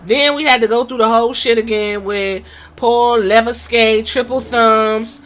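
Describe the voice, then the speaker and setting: A woman hosting a podcast, recapping a wrestling show in casual, profane, animated storytelling with quoted impressions. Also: fairly high pitch, a little slow. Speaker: podcast host.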